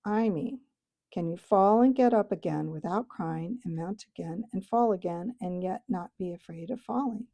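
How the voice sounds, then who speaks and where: A haughty talking warhorse, voiced by a woman reading aloud, lecturing briskly in a warm, husky, slightly gravelly voice. A proud male steed from a storybook. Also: lowish voice.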